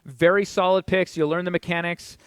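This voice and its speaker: A high-voiced man calls an esports match as co-caster, explaining mechanics and getting excited over plays. The recording is dry and close. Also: fairly quick, clean tone, no echo. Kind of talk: esports commentary.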